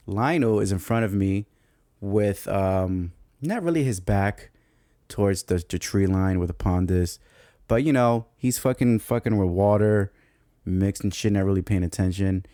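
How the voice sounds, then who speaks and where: A young man with a New York accent, telling a camping story as a podcast host in a loose, profane, animated way, laughing often. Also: lowish voice, no echo, studio quality. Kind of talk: casual storytelling monologue.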